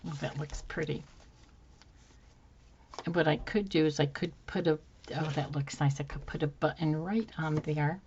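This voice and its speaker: A woman hosting a craft tutorial, musing softly to herself as she works, her voice a little hoarse. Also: deep voice, moderate pace, long pauses, highs cut off, a little hiss or hum. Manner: soft-spoken, musing aloud while working. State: slightly hoarse, losing her voice. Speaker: craft channel host. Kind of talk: casual craft tutorial chat.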